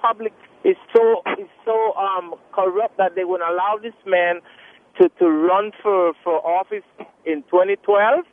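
A man's voice: high voice, fairly even intonation, measured pace. A man with a thick foreign accent calling into a radio show, arguing insistently and stammering through repeated words. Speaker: caller. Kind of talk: heated call-in debate. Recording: tinny phone line.

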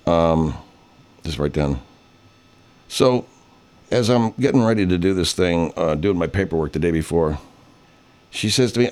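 A man's voice: low voice, lively intonation, normal speed, pauses often, darkish tone. A man over fifty, a radio host, telling a rambling, profane story in casual chat and putting on voices when he quotes people.

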